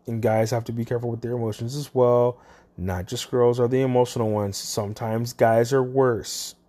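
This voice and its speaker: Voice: mid-range voice, steady tone, moderate pace, dark tone. A speaker, talking casually and bluntly about phone customer service work, with lots of swearing. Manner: blunt, profane, chatty. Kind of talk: casual monologue to camera.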